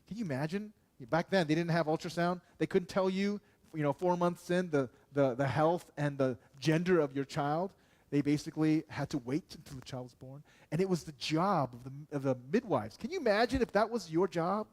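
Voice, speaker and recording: A pastor preaching in a church, his male voice sitting a bit higher than most men's. He talks to the congregation conversationally, throwing out questions and checking in with a quick "okay" before moving on. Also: darkish tone. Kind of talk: sermon.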